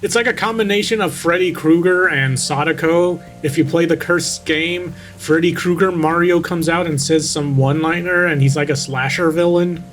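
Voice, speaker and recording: A man's voice: a little high, fairly even intonation, normal speed, few pauses, a bit bright, soft background music. A man reading a creepypasta aloud and mocking it with sarcastic, casually profane commentary.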